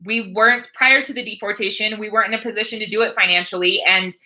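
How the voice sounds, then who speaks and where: An American woman in her thirties answering viewer questions on a livestream, earnest and emotional, with many halting restarts. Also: mid-range voice, fairly even intonation, bright, forceful tone, rough recording. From United States. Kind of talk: livestream Q&A chat.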